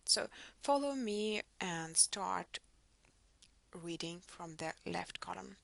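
A woman's voice: fairly low pitch, animated, slow pace, vocal fry, no echo. A woman teaching a language lesson, patiently modelling words for the listener to repeat. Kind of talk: slow instructional lesson.

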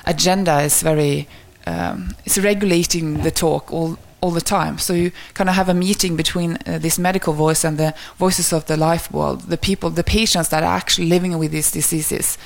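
A woman's voice: sits low, gravelly. A woman presenting research findings at an academic talk, speaking hesitantly with many fillers and restarts.

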